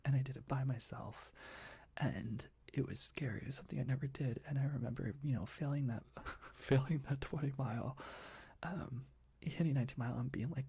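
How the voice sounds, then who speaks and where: A young man whispers through a rambling ASMR life update, his breathy voice low-key and mellow. He keeps stopping and starting his sentences, soft and close. The tone stays warm and airy throughout. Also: a little fast. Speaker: ASMR creator.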